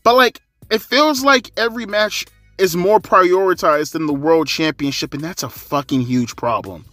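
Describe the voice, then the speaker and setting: A man's voice: high voice, normal speed, a bit bright, no room sound, soft background music. A man giving a profane, rambling wrestling reaction rant in a casual style, often repeating himself. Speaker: wrestling commentary YouTuber.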